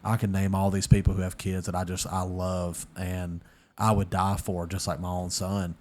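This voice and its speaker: Low-voiced man telling stories. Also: moderate pace. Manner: animated storyteller, acts out quoted voices. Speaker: podcast guest. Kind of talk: casual storytelling chat.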